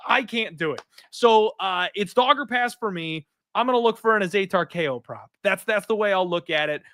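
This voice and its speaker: A man's voice: high-pitched, moderate pace, dry recording, clean studio sound. A man co-hosting a live stream, giving blunt, opinionated fight picks in casual chat. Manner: blunt, opinionated, animated with mock voices. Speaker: co-host, fight picks analyst.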